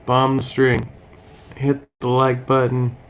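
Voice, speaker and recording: A man's voice: medium pitch, completely flat delivery, slow, a little hiss or hum. A man giving crude, sarcastic reaction commentary and swearing often. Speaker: online commentator.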